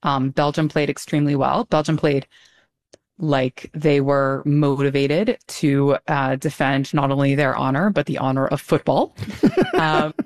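A woman's voice: rumbling low, fairly even intonation, measured pace. A woman talking as a guest in casual conversation, explaining things thoughtfully with many ums and light laughter. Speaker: guest commentator.

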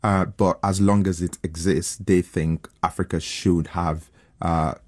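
A man's voice: sits low, fairly even intonation, a little slow, darkish tone. A man speaking as a commentator on a radio news panel, thoughtful and using fillers as he talks.

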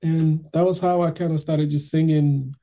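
A man casually telling an animated anecdote in an interview, acting out the voices of the people in it. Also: on the high side, normal speed. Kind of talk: casual storytelling.

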